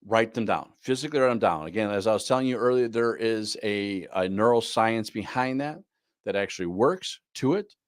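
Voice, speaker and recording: A man's voice: lowish voice, normal speed, smooth, no room sound, clean studio sound. A man teaching a live online class on goal planning, repeating his key points and often asking "right?". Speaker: business coach.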